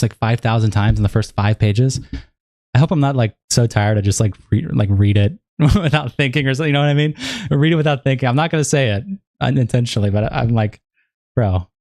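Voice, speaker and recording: A young man on a livestream, reading messages aloud in a casual, halting way and stopping to react. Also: medium pitch, no echo, clean studio sound. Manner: casual, halting, reads flatly and breaks off to react. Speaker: streamer.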